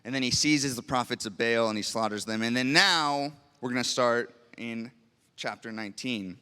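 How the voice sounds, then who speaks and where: Young guy preaching, chatty storytelling, crisp clear voice, big echoey church. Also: mid-range voice, normal speed, sharp tone. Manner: casual, conversational storytelling. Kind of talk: sermon. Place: church sanctuary. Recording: long church reverb.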